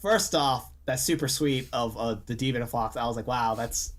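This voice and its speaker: Ranting, animated male podcast host. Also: medium pitch, normal speed. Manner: animated, swearing, exasperated ranting. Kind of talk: casual chat.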